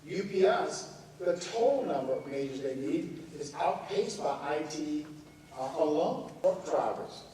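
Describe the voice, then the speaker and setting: A man's voice: fairly high pitch, lively intonation, unhurried, mellow, a little hiss or hum. A middle-aged man, a company CEO, giving a conversational storytelling speech to students. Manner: storytelling, conversational, some restarts. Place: university lecture hall. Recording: echoey hall, distant mic, audience. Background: audience.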